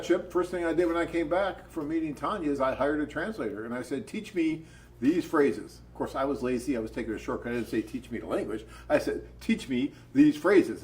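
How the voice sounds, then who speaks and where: A man's voice: a little high, low-quality recording. Chatty American man hosting a webcast. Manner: animated storyteller, chatty and upbeat. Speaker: co-host of a dating agency webcast. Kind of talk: casual live Q&A chat.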